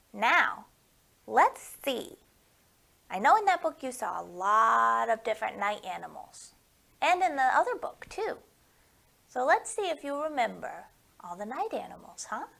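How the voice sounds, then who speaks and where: High, sing-song storytime lady. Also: gravelly, a bit bright. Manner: sing-song, playful, coaxing questions to kids. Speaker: children's librarian hosting storytime. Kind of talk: storytime for young children.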